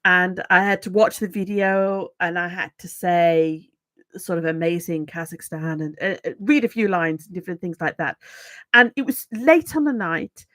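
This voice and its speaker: A middle-aged English YouTube host with a Brummie accent chats casually on a livestream, poking fun at herself for her viewers. Her voice is on the low side and a bit bright, at normal speed, with no room sound.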